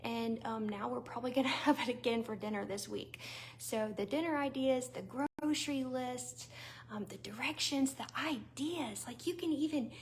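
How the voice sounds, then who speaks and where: Chatty Southern woman, bright-pitched. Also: moderate pace, a little hiss or hum. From Southern United States. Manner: chatty and conversational, with fillers and little laughs; talks straight to viewers. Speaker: vlogger and small business owner. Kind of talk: casual talk to camera.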